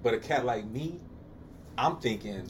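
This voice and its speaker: Male co-host, relaxed slangy delivery, mid-range voice, light background hiss. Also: medium pitch. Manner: laid-back, slangy, drawn-out emphasis. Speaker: podcast co-host. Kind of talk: casual couple chat.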